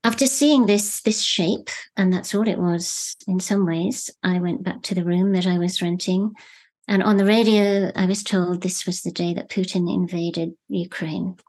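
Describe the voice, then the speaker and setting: A middle-aged woman novelist being interviewed, speaking in a thoughtful, measured way and pausing to search for words. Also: lowish voice, steady tone, darkish tone. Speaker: novelist guest. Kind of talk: reflective interview talk.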